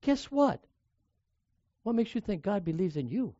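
A man's voice: high voice, big pitch swings, unhurried, dark tone, dry recording, highs cut off. An older man from the United States preaching a sermon, telling personal stories in a conversational way and raising and dropping his volume for emphasis.

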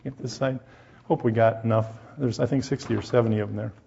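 A man's voice: medium pitch, fast talker, vocal fry, lo-fi sound, slight background noise. A man preaching to a congregation, telling personal stories and firing questions at his listeners. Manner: animated, addresses congregation directly with questions. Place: church hall before a congregation.

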